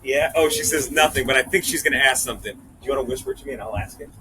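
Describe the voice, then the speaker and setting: A man hosting a casual audience Q&A, chatty and quick to laugh. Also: medium pitch, bright, forceful tone, a little hiss or hum, rough recording. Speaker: podcast host and moderator.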